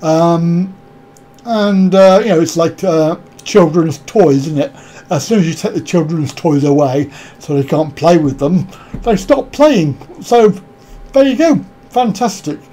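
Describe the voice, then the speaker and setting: A man's voice: fairly high pitch, unhurried, dark tone. A man hosting a casual live stream, rambling and joking as he greets viewers by name and answers their comments.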